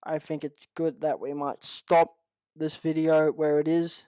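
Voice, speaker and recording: A man's voice: on the high side, flat delivery, unhurried, mellow, clean tone, dry recording, rough recording. A young man with an Australian accent, upset, ranting in a vlog monologue, swearing constantly and restarting his sentences. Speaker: channel host.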